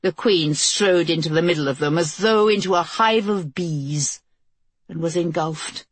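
A woman narrates a novel in measured, even storytelling. Her voice sits fairly low and has a husky grain. The sound is close and dry. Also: no echo. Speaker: audiobook narrator. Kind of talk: scripted narration.

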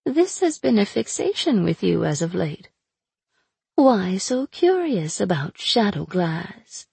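A woman's voice: medium pitch, very animated, vocal fry, mellow, slightly rough, no room sound, full character voice. Woman voicing a taunting chained sorceress. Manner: slow, taunting, drawn-out. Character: mocking chained sorceress woman, cruel and sly. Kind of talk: audiobook character voice.

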